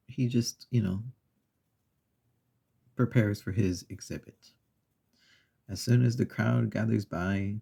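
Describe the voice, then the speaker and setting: A man speaks in a soft, unhurried ASMR style, drifting through a children's story with pauses and little asides. His voice sits low and dark, with plenty of gravelly fry and a breathy, husky grain. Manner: slow, meandering retelling with pauses and fillers. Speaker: ASMR channel host.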